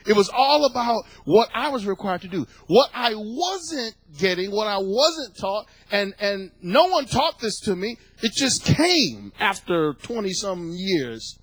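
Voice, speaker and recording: A middle-aged male pastor preaching a sermon, building to fervent shouts and repeating phrases for emphasis. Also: high-pitched, big pitch swings, a little slow, few pauses, husky, no room sound, rough recording.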